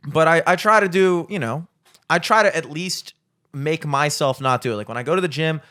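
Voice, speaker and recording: A man's voice: fairly quick, clean tone. A young adult man co-hosting a podcast, chatting casually, rambling and swearing often. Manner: rambling, swears freely, animated swings in pitch. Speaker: podcast co-host. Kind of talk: casual chat.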